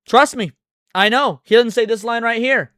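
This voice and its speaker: A man's voice: extremely high pitch, normal speed, pushed and bright, no room sound, studio quality. A man ranting with heavy swearing as a streamer reacting to a video. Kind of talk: profane reaction commentary.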